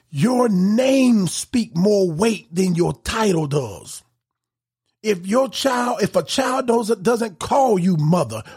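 A man preaching a sermon in an emphatic style, rising to shouts on key points. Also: high voice, slightly rough.

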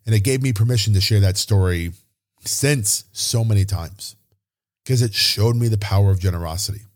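A man with a somewhat low voice tells a personal story as a podcast host. He speaks earnestly and from the heart, with his emotions close to the surface. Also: moderate pace, a little mellow.

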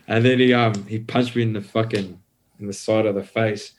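A man's voice: mid-range voice, a little hiss or hum. Swearing man telling a story. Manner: swears heavily, rambling and animated; many fillers like "um" and "bro". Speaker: podcast guest. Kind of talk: casual storytelling.

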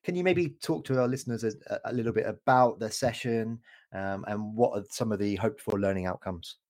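A man's voice: on the low side, fairly quick, a little mellow. A man with a British accent hosting a podcast, asking questions in an upbeat way with stumbling repeats. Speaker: podcast host.

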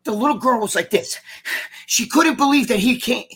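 A man telling a long anecdote on a podcast, animated and profane, acting out what others said. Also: very high voice, moderate pace, a little hiss or hum. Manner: animated storyteller, profane, acts out quotes. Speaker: podcast guest.

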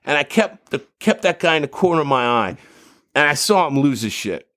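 A middle-aged man telling stories in a casual podcast chat, rambling and profane, with animated bursts. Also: fairly high pitch, fairly quick. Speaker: voice actor guest.

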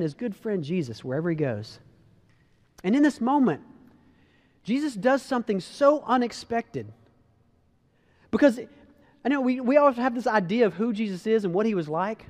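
A man preaching a sermon as a pastor, talking in a conversational, animated way with frequent restarts. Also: very high-pitched, moderate pace, pauses often, in a large hall.

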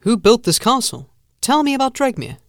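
A man's voice: extremely high pitch, big pitch swings, moderate pace, dry recording, clean studio sound, voice pushed up. A man voicing a polite, curious traveler asking questions.

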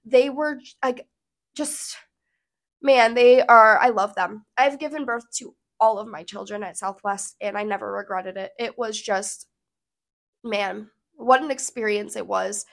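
Woman vlogger, slightly high voice, earnest and emotional casual storytelling to camera. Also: measured pace, vocal fry.

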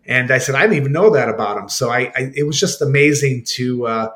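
A man at a middle pitch, a former hockey player, recalling an old teammate in a radio interview. He stalls and repeats himself, then acts out old conversations in quick bits of dialogue. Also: a bit bright. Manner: halting, repeats words, acts out quoted exchanges. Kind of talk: reminiscing in an interview.

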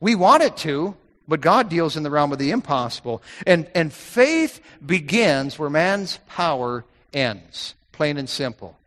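A man's voice: on the high side, big pitch swings, a little slow, fairly bright tone. Male preacher, emphatic sermon delivery, repeats key lines, reverberant hall sound. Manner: emphatic, repeats key phrases, quotes scripture in old wording.

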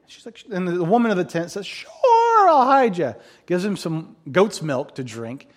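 A man, a pastor, preaching a casual sermon full of jokes, chatty and self-interrupting, acting out quick voices for laughs. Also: sits high, expressive, darkish tone.

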